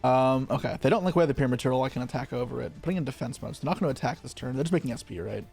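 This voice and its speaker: A man streams an online card game, talking through each move as he plays it. His voice sits at a middling pitch, and his quick muttered asides run into one another as he thinks aloud. Soft music plays faintly underneath. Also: creaky, breathy edge. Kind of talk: live gameplay commentary.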